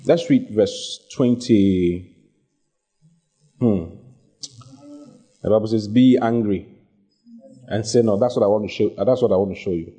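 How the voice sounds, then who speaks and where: A man's voice: fairly low pitch, a little slow, pauses often, mellow, breathy edge, faint music behind. A man preaching a sermon, emphatic and repeating his key phrases as he exhorts the congregation.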